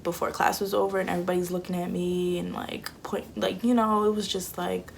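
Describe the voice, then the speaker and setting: A young woman in her 20s, a vlogger, tells a casual story in a lowish, flat voice with vocal fry, speaking fairly quickly. She's candid and chatty and acts out what people said, with a little hiss or hum on the recording.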